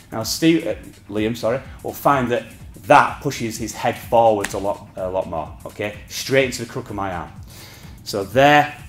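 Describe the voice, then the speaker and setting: A medium-pitched man in an echoey room teaches a martial arts technique on a partner. He explains each step and keeps checking in with "okay?" and "all right?"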